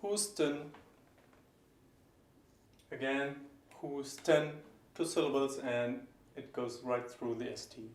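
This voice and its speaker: A man teaching German pronunciation, explaining each sound and slowly repeating example words. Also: mid-range voice, flat delivery, reverberant. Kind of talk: pronunciation lesson.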